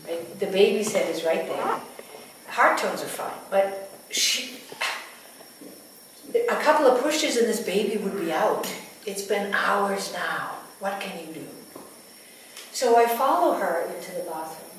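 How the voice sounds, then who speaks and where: Slow, hushed woman storyteller in echoey room. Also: medium pitch, expressive. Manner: slow, intimate, dropping to near whispers. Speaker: midwife. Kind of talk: storytelling to a live audience. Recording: echoey room, distant mic, ambient noise.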